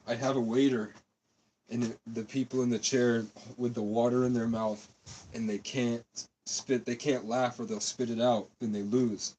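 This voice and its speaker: A man's voice: medium pitch, little pitch movement, normal speed, mellow, a little hiss or hum, low-quality recording. A man doing a crude, absurd improvised livestream outdoors on a street, cold and coughing from cigarettes. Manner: absurd, silly, crude banter. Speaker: comedian livestreaming.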